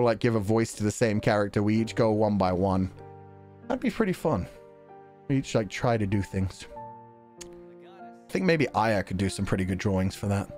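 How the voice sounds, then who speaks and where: A male streamer reads viewer donations aloud and chats casually, rambling from one idea to the next. His pitch leaps around expressively as he talks. A faint bed of music plays behind him. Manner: animated and rambling, laughs often.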